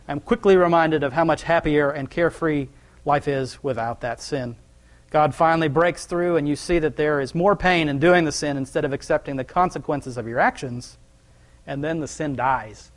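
A man's voice: fairly high pitch, normal speed. A young adult man preaching a sermon in a conversational, folksy way.

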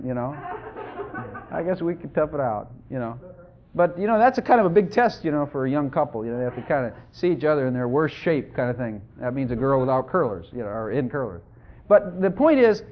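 Folksy middle-aged preacher, high voice, lively delivery, dull recording. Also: male voice. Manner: folksy, animated, asks the congregation questions. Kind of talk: informal sermon. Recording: dull lo-fi sound.

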